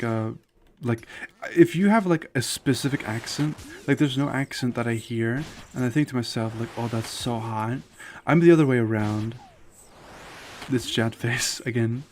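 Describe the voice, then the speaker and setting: A man in the middle of his vocal range who chats casually on a live stream while gaming. His talk rambles and is packed with "like" fillers, and he speaks his opinions bluntly. A faint hiss sits under the voice. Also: mid-range voice. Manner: rambling, loose, with constant "like" fillers; opinionated and candid.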